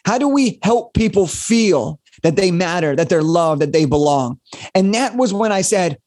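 Man, late twenties, high voice, lively podcast guest, acts out quotes. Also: normal speed. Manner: energetic storyteller, acts out quotes. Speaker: guest, speaker and author. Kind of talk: podcast storytelling.

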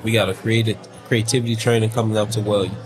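A man's voice: fairly low pitch, level tone, fast talker. A man who owns a tattoo studio, speaking on a panel in an earnest, matter-of-fact way. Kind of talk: panel discussion. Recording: music behind.

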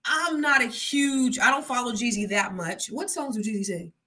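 A woman hosting a podcast in casual chat, a naturally fast talker who is trying to slow down, with chatty asides and frequent ums. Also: fairly high pitch, pushed and bright, breathy edge. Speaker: podcast host.

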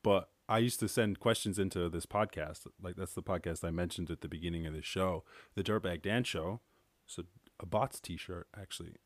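Irish male podcast host, low-pitched, loose rambling delivery, dry close sound. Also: moderate pace, no echo. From Ireland. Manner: rambling storyteller, heavy filler words. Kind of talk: casual solo podcast chat.

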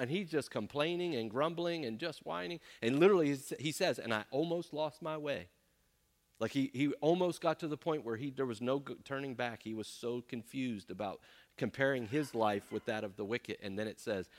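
A man leading an interactive Bible class, animated and acting out people's complaints in voices. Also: mid-range voice, brisk. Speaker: pastor teaching a class.

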